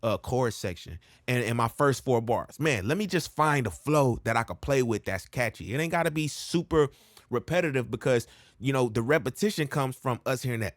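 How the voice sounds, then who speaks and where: A man's voice: mid-range voice, expressive, fairly quick, no echo, studio quality. A man giving a laid-back, slangy rap coaching lesson, often checking in with "all right?". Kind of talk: casual music lesson with rap demos.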